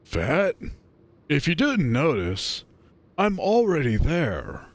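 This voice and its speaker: A man's voice: a little high, huge pitch swings, slow pace, exaggerated voice. A man voicing a bulky, shy young male ram gamer in a visual novel read-aloud, in a grumbly, reluctant manner. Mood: deadpan.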